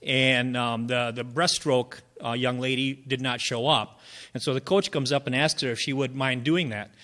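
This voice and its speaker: This open mic comic has a medium-pitched, steady voice that comes across bright and forceful at a normal speed. He rambles through his jokes folksily, leaning on fillers and laughing at his own punchlines.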